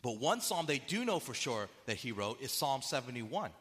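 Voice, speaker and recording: A man's voice: mid-range voice, big pitch swings, moderate pace, a bit bright, in a large hall. A man preaching a sermon, asking the audience rhetorical questions and acting out quotes with dramatic shifts. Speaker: pastor.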